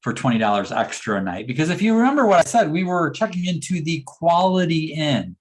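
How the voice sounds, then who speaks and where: This motivational speaker talks a little fast in a fairly high-pitched voice. During his keynote he narrates a story animatedly, playing out the conversations himself.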